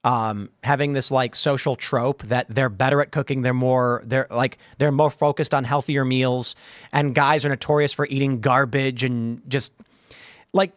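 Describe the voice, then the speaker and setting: A man hosting a podcast, chatting casually with his panel and reading viewer comments aloud in an animated way. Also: mid-range voice, moderate pace, no echo, studio quality. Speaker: podcast host.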